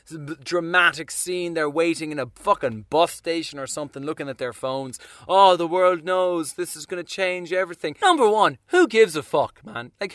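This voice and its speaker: A man's voice: a little high, pushed and bright, dry recording, clean studio sound. A young man giving a sarcastic, profane and rambling casual film review.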